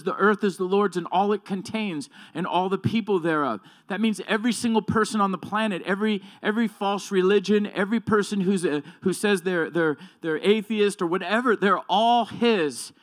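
A man preaching a sermon with emphatic delivery, often repeating and correcting himself. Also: high voice.

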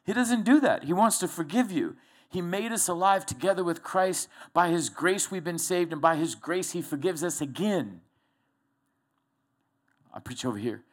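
A middle-aged man preaching a folksy, animated sermon to a church congregation, telling personal stories. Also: sits high, moderate pace. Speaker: pastor.

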